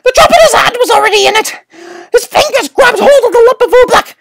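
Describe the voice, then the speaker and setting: A woman reading a picture book aloud with animated, breathless storytelling. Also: very high voice, brisk, gravelly, dry recording. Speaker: reader.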